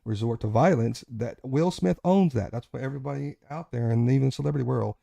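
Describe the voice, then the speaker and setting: A man's voice: medium pitch, fairly quick, creaky, dark tone, dry recording. A man hosting a casual online panel discussion, talking in an emphatic, lecturing way. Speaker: host.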